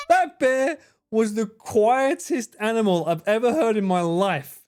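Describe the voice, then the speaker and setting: A man giving casual gaming stream commentary, swearing, laughing and breaking into sudden loud yelps. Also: sits high, measured pace, over music. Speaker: livestreamer.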